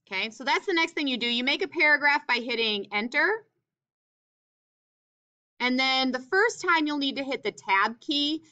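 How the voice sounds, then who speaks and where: A woman's voice: high voice, expressive, normal speed, sharp tone, lo-fi sound. A woman teacher explaining punctuation in a classroom writing lesson, reading examples aloud with expression.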